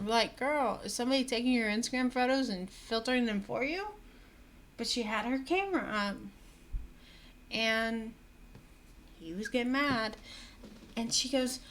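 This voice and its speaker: A woman's voice: fairly high pitch, a bit bright, a little hiss or hum. A young adult woman vlogging her opinions to camera, chatty and indignant, with sarcastic asides.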